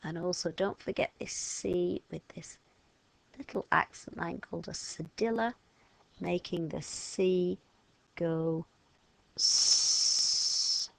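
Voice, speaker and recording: A woman teaching a children's French phonics lesson step by step, patient and slow, modelling each sound aloud and stretching the words out. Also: on the low side, steady tone, vocal fry.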